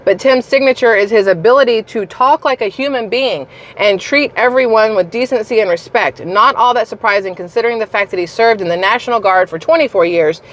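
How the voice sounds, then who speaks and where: A woman's voice: on the high side, a little fast, few pauses. A woman ranting about politics in a heated, blunt and profane way, addressing her viewers directly. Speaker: political commentary vlogger.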